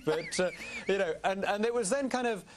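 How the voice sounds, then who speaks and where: A man's voice: high voice, a little fast, noisy background. A middle-aged British man, a guest on a TV interview, talking in an articulate, wry way. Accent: British English. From Britain. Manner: articulate, wry, animated storytelling. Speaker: guest politician.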